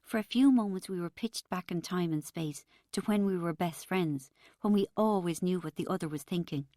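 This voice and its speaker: A woman narrating a first-person audiobook in a measured, intimate storytelling manner on a close mic. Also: fairly low pitch, warm tone, no room sound.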